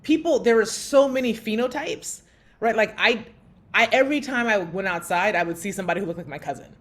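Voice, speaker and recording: A woman in her thirties co-hosting a podcast, telling a story in lively conversation and acting out the voices of people she quotes. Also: a little fast. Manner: animated, acts out quotes with big pitch jumps. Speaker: podcast co-host.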